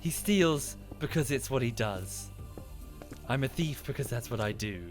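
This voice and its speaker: British guy rambling on stream, swears a lot, mid-pitched voice, faint music under him. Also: animated, unhurried. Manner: rambling, enthusiastic, swears casually. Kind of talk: casual livestream chat.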